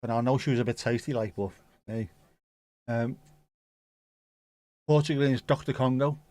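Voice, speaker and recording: Hosting a live watchalong, a man jokes his way through a football match and reads out viewer comments. His voice is medium in pitch, a little mellow, and normal in speed, with no room sound.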